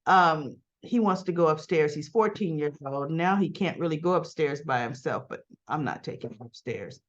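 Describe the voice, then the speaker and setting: A woman's voice: low voice, lively intonation, normal speed, highs cut off. A woman casually recapping a soap opera episode, acting out the characters' lines and adding exasperated asides.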